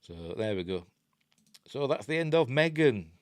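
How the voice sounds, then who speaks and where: A man's voice: medium pitch, big pitch swings, measured pace, dry recording, clean studio sound. An older man with a Yorkshire accent, casually talking through a film review with rambling, self-interrupting chat and wry asides. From Yorkshire, England.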